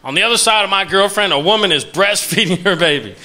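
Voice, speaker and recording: A man's voice: sits high, expressive, quick pace, pushed and bright. A man from Virginia, doing a stand-up comedy set on a theater stage, chatting with and teasing the audience. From West Virginia. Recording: noisy live theater recording.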